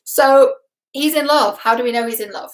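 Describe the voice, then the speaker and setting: A woman's voice: fairly high pitch, normal speed, a little hiss or hum. A young adult woman from Britain, a relationship expert giving a casual reaction vlog, chatty and emphatic, laughing often and swearing casually. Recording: roomy echo.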